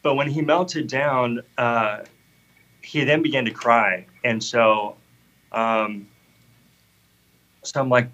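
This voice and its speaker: A man's voice: mid-range voice, slow, pauses often, pushed and bright, dull audio. A man in his thirties telling an earnest, heartfelt personal faith testimony in conversation. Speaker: guest sharing a testimony.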